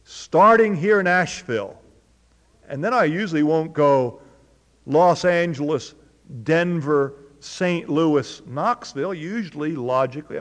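A preacher with a slightly high voice teaches a Bible study at a measured pace, keeping it conversational and asking his listeners questions. A long reverb tail follows his words.

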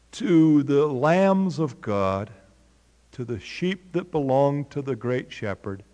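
With a long reverb trailing his slightly high voice, a man leads a Bible study as a preacher. His style is conversational, and he often puts questions to his audience.

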